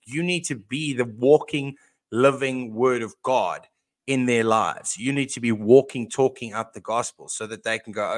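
A man's voice: mid-range voice, normal speed, dry recording. A man talks through a faith topic on a podcast with earnest, preachy conviction, often restarting his sentences. His voice sits in a middle register. The sound is dry and close, with no room around it. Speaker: podcast co-host. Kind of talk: casual Christian podcast talk.

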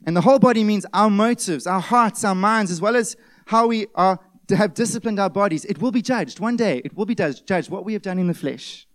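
A man preaching a sermon, stressing key words loudly and then dropping to a hush. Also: high-pitched, brisk, few pauses. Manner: emphatic preaching, swings between loud stresses and hushed drops. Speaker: pastor.

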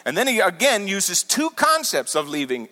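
Animated male pastor in a reverberant hall. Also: sits high, moderate pace. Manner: animated teaching with emphatic repetition. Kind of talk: sermon. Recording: large hall with long reverb.

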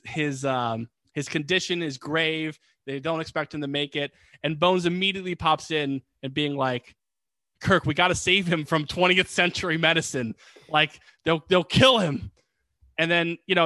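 A man co-hosting a podcast, casually recapping a film in a rambling, animated way and acting out lines of dialogue. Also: on the high side, dry recording. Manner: rambling, animated storytelling with quoted voices. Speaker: podcast co-host. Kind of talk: casual movie recap chat.

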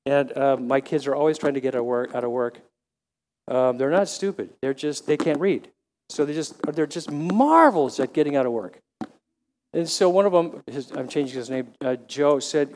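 A man in his seventies preaching a sermon, halting with frequent restarts, then rising to emphatic questions. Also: mid-range voice, a little mellow, slight background noise. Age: 70s. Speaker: lay preacher.

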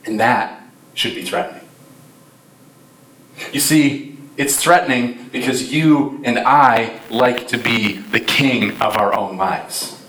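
A male pastor delivers an impassioned Christmas sermon in a church sanctuary, his voice swelling and dropping in volume for emphasis. He speaks slowly with long pauses, at a medium pitch with a slightly bright tone. A distant mic gives a roomy church sound, with a little background noise.

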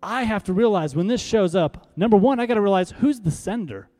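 High-voiced preaching man, emphatic. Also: animated, fairly quick, warm tone. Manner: emphatic, rhetorical questions, leads congregation to repeat lines; uses props on stage while preaching. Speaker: pastor. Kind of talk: sermon.

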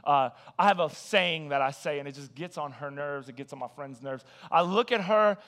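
A man preaching a casual, conversational sermon, animated and joking as he tells the story. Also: on the high side, normal speed. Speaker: pastor.

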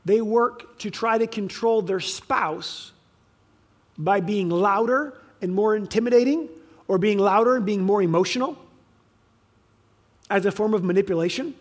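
A man's voice: high voice, unhurried, pauses often. A man preaching a sermon, with emphatic swings in volume and frequent restarts. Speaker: pastor.

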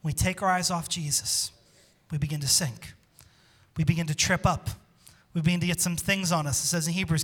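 A man's voice: on the high side, fairly even intonation, brisk, fairly bright tone. A male pastor preaching a sermon with emphatic delivery, putting questions to his congregation.

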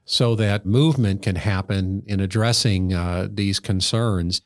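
A man hosting an interview, asking questions in a measured, slightly halting way. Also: low-pitched, a little mellow, no echo, studio quality. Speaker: interview host.

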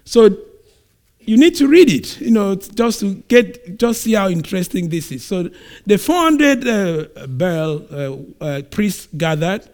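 A man from Nigeria preaches a sermon, telling scripture as a lively story with sudden swells in volume. His voice sits high for a man. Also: a little slow. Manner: animated storytelling, acts out scenes.

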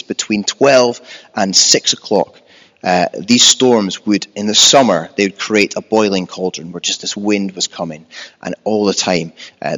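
A man, preaching a sermon in a relaxed storytelling way with self-deprecating humour. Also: lowish voice, long reverb tail, poor audio. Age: 20s.

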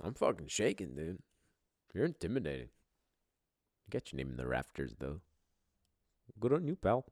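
A man hosting a podcast in casual, profane banter, excitable and swearing, with sudden jumps in volume. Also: sits low, moderate pace, long pauses, no echo, studio quality. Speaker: podcast host.

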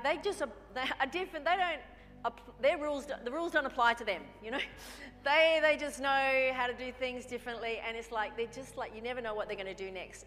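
A woman's voice: a little high, a bit bright, big-room sound. A woman preaching a sermon in a conversational way, often acting out little dialogues with herself. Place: church hall.

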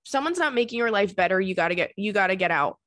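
Speaking in a casual chat, this podcast host in her thirties is blunt and sweary, often riled up and loud. Her medium-pitched delivery races along with lively intonation, and the sound is close and dry, free of echo.

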